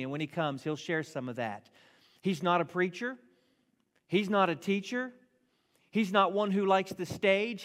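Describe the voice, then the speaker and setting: A man's voice: fairly high pitch, a bit bright. A man preaching a sermon, telling a story with emphatic, earnest delivery. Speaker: pastor. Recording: long reverb of a large hall.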